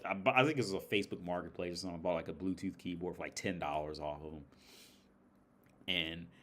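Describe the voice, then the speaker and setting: An American man talks in a loose, rambling livestream chat, full of swearing and laughs. His voice sits on the lower side. The delivery is casual and unscripted. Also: fairly bright tone. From United States. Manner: rambling, profane, laughs often. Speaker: livestream host.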